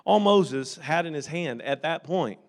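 A man's voice: on the high side, expressive, a little slow. A man preaching a sermon with fervent, repetitive, call-and-response exhortation, slipping into acting out biblical figures. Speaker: pastor.

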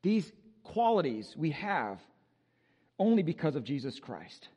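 A male pastor preaching an animated, joking sermon with exuberant energy. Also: a little high, measured pace, slightly rough, long reverb tail.

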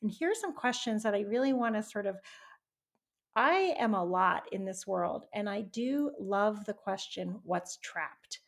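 A woman's voice: medium pitch, expressive, unhurried. A woman hosting a podcast, speaking directly and encouragingly to her listeners in a casual chat. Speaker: podcast host.

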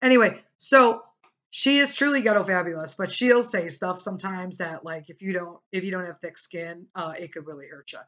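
A middle-aged podcast host shares a personal story at a moderate pace, casual and animated. When she quotes other people, she acts them out with big jumps in pitch.

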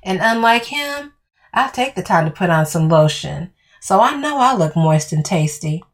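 A woman's voice: medium pitch, lively intonation, normal speed. A woman reading first-person audio fiction in a dramatic, heated, profane storytelling manner. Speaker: narrator.

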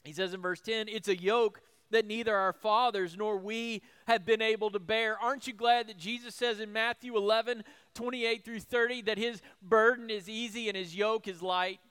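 Male pastor, middle-aged, high clear voice, preaching with rhetorical questions. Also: steady tone, moderate pace, few pauses, a bit bright. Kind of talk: sermon.

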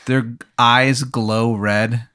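A man running a comedic tabletop scene in a middle-pitched voice. He rambles, swears, and stumbles through filler words as he describes it. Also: steady tone, bright, forceful tone, clear, resonant tone. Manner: rambling, profane, halting with many fillers. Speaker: game master. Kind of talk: narrating a comedic tabletop role-play.

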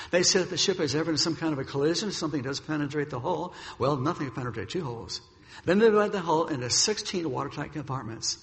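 Man, preacher, sermon storytelling, gravelly, quick, echoey hall recording. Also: fairly high pitch, fairly bright tone. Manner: dramatic storyteller, acting out the characters' lines. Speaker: pastor.

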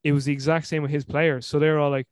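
A man in his thirties from Ireland with an Irish accent, hosting a podcast in animated casual chat. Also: fairly high pitch, fast talker, clear, resonant tone, dry recording. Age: 30s. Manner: animated, laughing, acts out quotes. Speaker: podcast host.

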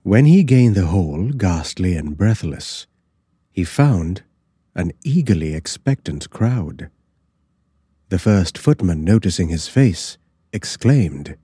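A man slowly narrating a classic horror story in a measured, dramatic way. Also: sits low, sing-song, warm tone, slightly rough, no echo, studio quality.

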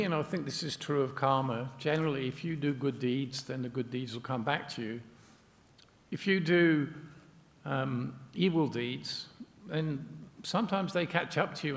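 A man telling a Buddhist teaching story in a relaxed, conversational way, often pausing on fillers. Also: medium pitch, vocal fry, in a large hall. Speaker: meditation center member discussing a Buddhist book. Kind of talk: casual spoken explanation.

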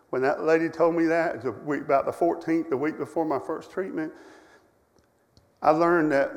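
High-voiced man preaching in a reverberant hall. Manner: emotional storytelling, swings from loud to hushed. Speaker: camp director preaching. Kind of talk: sermon.

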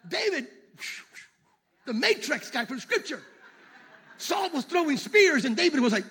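A man preaching a sermon as pastor, swinging between shouted exhortation and hushed asides. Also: very high voice, big pitch swings, moderate pace.

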